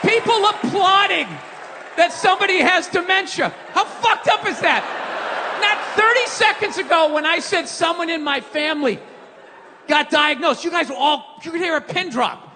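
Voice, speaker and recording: A man doing a stand-up rant on stage, cursing freely and yelling his punchlines while mocking people in put-on voices. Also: very high voice, normal speed. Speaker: stand-up comedian. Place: large comedy venue with a live audience. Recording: live stage recording, long hall reverb, crowd noise.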